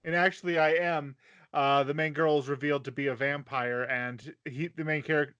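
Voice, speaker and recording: A man's voice: fairly high pitch, steady tone, moderate pace, fairly bright tone, clear, resonant tone, muffled recording. A man on a casual podcast explaining anime plot points and adding details to his co-host's recap. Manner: explanatory, adds details and corrections to his co-host. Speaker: podcast co-host.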